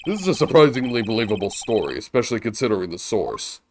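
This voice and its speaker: A man voicing a proud young male prosecutor in a game, measured and haughty. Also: fairly low pitch, very animated, a little hiss or hum.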